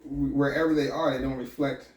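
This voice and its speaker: A man's voice: medium pitch, flat delivery, a little fast, a little mellow, echoey room, recorded from a distance, slight background noise. A man who works as a sheriff's deputy and academy instructor, talking candidly and reflectively in a podcast interview with many restarts.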